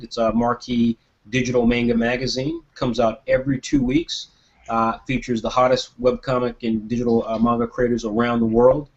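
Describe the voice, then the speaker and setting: Man, host of an online Q&A, video call, mid-pitched voice, rambling with fillers, dull lo-fi sound. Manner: friendly, rambling announcements with fillers. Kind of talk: hosting a live online Q&A.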